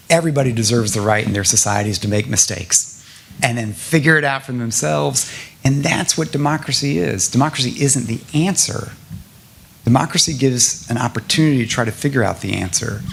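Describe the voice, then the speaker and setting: A man's voice: medium pitch, vocal fry, slight background noise. A middle-aged man from South Carolina answering a question at a public lecture, earnest and building to emphatic lists. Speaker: guest speaker at a public lecture.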